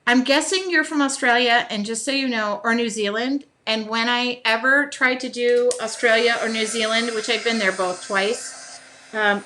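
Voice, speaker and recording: Bubbly bright-voiced woman chatting while painting. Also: a little high, a little hiss or hum. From American Midwest. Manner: chatty, laughs often, sings snatches of songs; reads viewer comments aloud. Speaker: art teacher hosting a live stream. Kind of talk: casual live-stream chat while painting.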